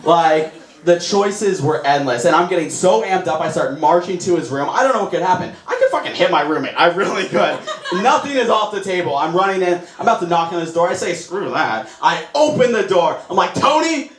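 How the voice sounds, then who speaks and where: Young man doing excitable stand-up. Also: high voice, fairly quick. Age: young adult. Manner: excitable, self-mocking. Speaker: stand-up comedian. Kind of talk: stand-up routine. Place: comedy club stage. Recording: echoey live room, audience noise. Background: audience laughter.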